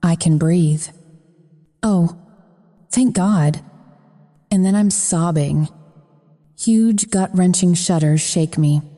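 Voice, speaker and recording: A woman's voice: on the low side, slow pace, long pauses, warm tone, big-room sound. A woman narrating a romance audiobook in the first person, in an intimate, breathless telling.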